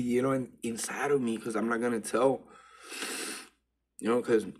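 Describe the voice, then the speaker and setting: Husky man telling a street story in slang. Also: mid-range voice, normal speed. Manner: loose street slang, drifts between hushed and excited. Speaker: vlogger. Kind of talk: casual spiritual storytelling monologue.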